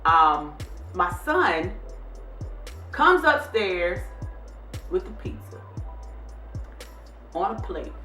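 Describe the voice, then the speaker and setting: A woman hosting a casual vlog tells viewers a story, animatedly acting out how she scolded her son. Her voice is on the low side, with drawn-out words and frequent pauses. The room is echoey, the mic distant, and faint music plays.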